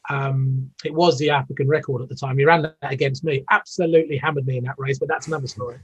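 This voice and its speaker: A man's voice: medium pitch, steady tone, quick pace, a bit bright, breathy edge. British man telling stories on a muffled call. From United Kingdom. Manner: rambling, with many restarts and fillers. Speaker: interview guest, former Olympic athlete. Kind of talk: casual storytelling interview.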